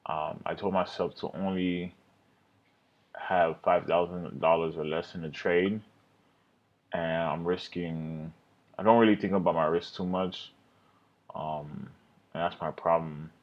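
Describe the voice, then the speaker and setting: A man with a very low, deep voice talks through his trades in a loose, rambling way, often scolding himself and swearing. The sound is dull and lo-fi, like a computer mic on a screen recording. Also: steady tone, measured pace, pauses often.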